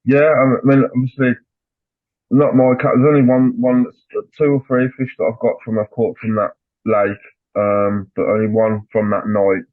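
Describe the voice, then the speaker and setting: A man guest on a podcast, telling a story in casual chat, animated and swearing, acting out what people said. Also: medium pitch, normal speed, dry recording. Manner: animated, swears, acts out dialogue. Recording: dry tinny phone-like line.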